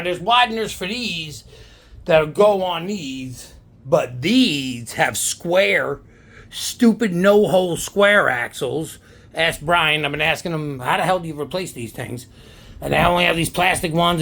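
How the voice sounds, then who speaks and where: Fairly high-pitched and gravelly with a fairly bright tone, this New Jersey man vlogs about his RC car hobby. Tipsy from a few drinks, he talks casually to the camera while showing off his cars, joking, cursing, rambling on and tossing in "right?" a lot.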